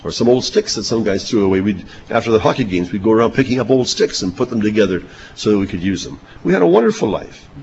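A man's voice: on the low side, lively intonation, quick pace, vocal fry, a little mellow, lo-fi sound, a little hiss or hum. An older man preaching a sermon, reading scripture and telling folksy childhood anecdotes with chuckles.

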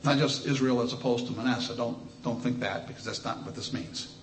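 A man preaching a sermon, reading scripture slowly and emphatically, with quick asides full of restarts. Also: medium pitch, steady tone, reverberant, a little hiss or hum.

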